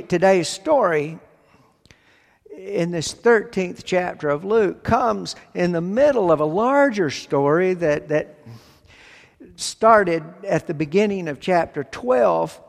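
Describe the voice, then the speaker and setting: A man preaching a sermon from the pulpit, speaking in slow, deliberate phrases with long pauses. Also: high-pitched, creaky. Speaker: pastor. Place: church sanctuary. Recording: long hall reverb.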